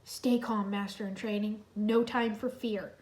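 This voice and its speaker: A woman's voice: mid-range voice, fairly even intonation, a little slow, darkish tone, lightly acted. A woman doing an earnest young ninja boy. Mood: determined. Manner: earnest, determined. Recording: roomy echo.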